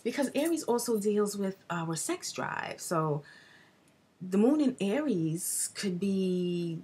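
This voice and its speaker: A woman talking excitedly in a casual astrology vlog, rambling with restarts and dropping into breathy whispered asides. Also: mid-range voice, slow. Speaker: astrology vlogger.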